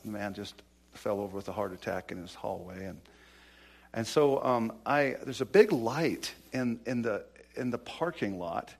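Middle-aged preacher telling stories. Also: male voice, medium pitch, fairly bright tone. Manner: conversational, many fillers and restarts. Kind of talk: sermon with personal storytelling.

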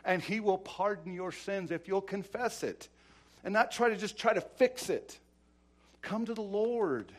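A man preaching a sermon with passion, swinging from loud urging to quiet, soft-spoken storytelling. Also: high voice, animated, measured pace.

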